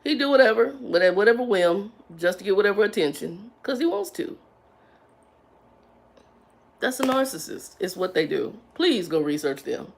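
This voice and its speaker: A woman's voice: mid-range voice, big pitch swings, a little fast, creaky, hardly any pauses. A woman hosting a casual livestream, talking in a rambling way to her viewers with "y'all" slang, a little congested from sinus drainage. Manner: talkative, rambling, greets viewers warmly by name; Southern-style slang, "y'all". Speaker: livestream host.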